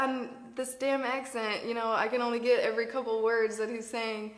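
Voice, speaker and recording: Young woman rambling and giggling through a story, kinda high voice, echoey room. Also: flat delivery, brisk, few pauses. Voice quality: giggly, rambling with lots of fillers. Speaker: podcast guest. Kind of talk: candid storytelling, casual chat.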